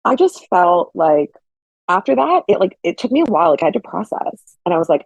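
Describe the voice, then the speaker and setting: Young woman, guest storyteller; animated, lots of "like", acts out quoted lines, husky, slightly low voice. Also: fairly quick, no room sound, dull audio.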